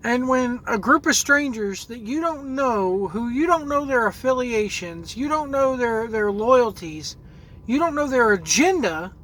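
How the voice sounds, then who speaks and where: With an extremely high, expressive, forced and bright voice, a gaming channel host rants at a measured pace about a video game. He's angry and foul-mouthed, repeating words as he searches for them, and the low-quality recording carries slight background noise.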